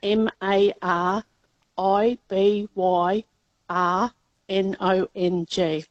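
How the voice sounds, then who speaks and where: A woman's voice: medium pitch, little pitch movement, very slow, no echo, highs cut off. A woman calling in to a radio show and chatting plainly, spelling a word out letter by letter. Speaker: caller. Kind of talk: phone-in call.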